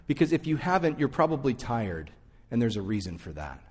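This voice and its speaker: A man's voice: mid-range voice, very animated, fast talker. A male pastor preaching a sermon, talking straight to the congregation and repeating key phrases for emphasis. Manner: conversational, speaks straight to the congregation. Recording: long church reverb.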